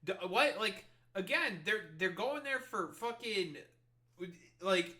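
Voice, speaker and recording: A young man gives livestream reaction commentary in a high, expressive voice with a sharp tone and slow pace. He swears a lot and sounds sarcastic and incredulous.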